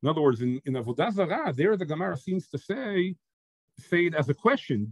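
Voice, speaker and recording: A man's voice: fairly high pitch, big pitch swings, dry recording, low-quality recording. Man teaching a text-study lesson. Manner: explains step by step, checks in with "right?" and "okay?"; reads Hebrew source text quickly, then explains it in English. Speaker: Torah teacher.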